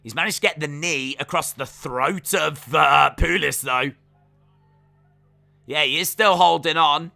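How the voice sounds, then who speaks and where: Bright, excitable man reacting live. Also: fairly high pitch, unhurried, gravelly, faint music behind. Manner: excitable, shouting at big moments, reads chat aloud. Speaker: live stream host reacting to fights. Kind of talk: live watch-along commentary.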